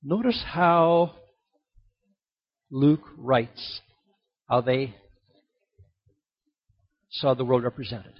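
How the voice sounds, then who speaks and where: A male pastor preaching a sermon in an animated way, his voice climbing to excited peaks. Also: medium pitch, drawn-out words, long pauses. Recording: dull lo-fi sound.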